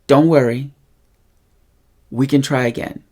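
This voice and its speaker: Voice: medium pitch, steady tone, unhurried, darkish tone. A language teacher talking through a casual lesson, explaining patiently and checking in with the listener often. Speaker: Spanish teacher.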